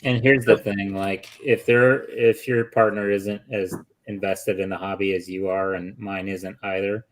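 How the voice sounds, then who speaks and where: Low-voiced easygoing man. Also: flat delivery, unhurried, rough recording. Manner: easygoing, reads viewer comments aloud. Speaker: co-host reading chat comments. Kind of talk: casual chat.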